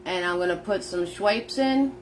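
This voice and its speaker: A woman's voice: fairly low pitch, normal speed, a little hiss or hum. A woman teaching a live painting lesson, narrating each step in a chatty way. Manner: chatty, step-by-step narration, greets viewers by name. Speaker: painting instructor. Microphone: phone.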